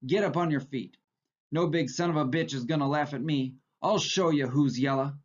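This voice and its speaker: A man putting on a short-fused young bully, sharp and threatening, pushed a bit higher than his own voice. The recording is a touch muffled. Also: moderate pace, natural voice. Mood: raging. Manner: snarling, threatening. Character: hot-tempered small young male bully.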